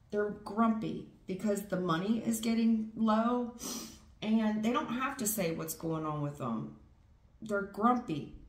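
A woman giving a casual tarot reading in a blunt, profane, animated way, acting out people's feelings as she goes. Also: medium pitch, echoey room. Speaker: tarot reader.

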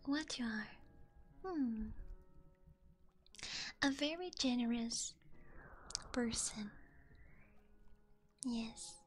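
A woman streaming whispered role-play ASMR as a playful demon catgirl, speaking in soft giggly whispers and teasing her chat on a binaural microphone. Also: on the high side, very slow, long pauses, a little hiss or hum.

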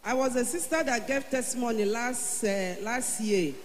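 A Nigerian woman giving an emotional church testimony, growing fervent and loud as she declares her prayers. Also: on the high side, normal speed. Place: large church hall. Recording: echoey church hall, faint hum.

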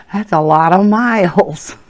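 An older woman hosting a coloring channel, rambling through casual chat with frequent laughter while holding a baby. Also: mid-range voice. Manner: chatty and rambling, laughs often.

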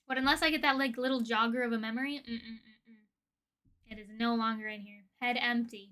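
A woman's voice: fairly high pitch, steady tone, a little fast, bright, forceful tone. A young woman hosting a livestream, chatting casually and rambling with a giggly manner. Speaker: livestream host.

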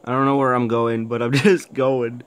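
A young man giving let's-play commentary on a horror game, jumpy, swearing a lot and shouting when startled. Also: medium pitch, little pitch movement, moderate pace, smooth. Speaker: gaming YouTuber.

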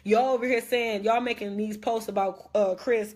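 A woman's voice: medium pitch, fairly even intonation, moderate pace, few pauses, darkish tone. A young woman venting on a phone live stream in an impassioned casual rant, emphatic, hurt and confrontational, repeating herself for weight. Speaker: livestreamer.

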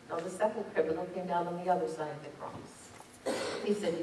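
A woman's voice: lowish voice, steady tone, fairly quick, warm tone, a little hiss or hum. A woman pastor preaching a sermon, reading scripture aloud and driving points home with rising emphasis. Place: church sanctuary. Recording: echoey church from a distance.

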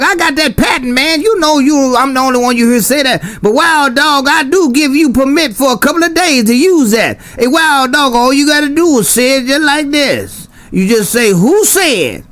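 A man with a fairly high voice talks over a CB radio. He is folksy and repetitive, calls the other driver by his handle again and again, and lets his sign-offs sink low and quiet. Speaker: CB radio operator. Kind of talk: CB radio chatter.

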